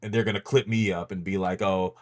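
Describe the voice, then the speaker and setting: A man's voice: deep voice, fairly even intonation, brisk. A man hosting a casual podcast, talking loosely with lots of ums and restarts as he leads a rankings reveal.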